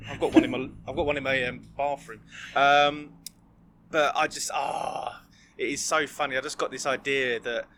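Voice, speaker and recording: A man co-hosting a football podcast in casual chat, talking in a relaxed, rambling way. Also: mid-range voice, moderate pace, a little hiss or hum. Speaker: podcast co-host.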